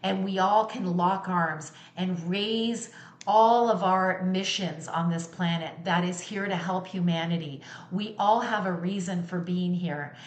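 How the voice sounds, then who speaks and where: A woman's voice: on the low side, a little slow, reverberant. Blunt, emphatic middle-aged woman speaker. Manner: candid, emphatic, blunt with profanity. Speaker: summit speaker and sound healer. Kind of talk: motivational talk.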